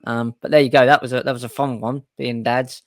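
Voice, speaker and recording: A man's voice: mid-range voice, little pitch movement, a little fast, no room sound, clean studio sound. A man, trading laid-back, sweary banter as a podcast host. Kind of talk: casual chat.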